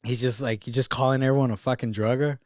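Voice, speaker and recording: A man's voice: mid-range voice, fairly even intonation, quick pace, no echo, studio quality. A man co-hosting a podcast, chatting casually and acting out lines and laughing as he retells scenes. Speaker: podcast co-host. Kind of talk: casual chat.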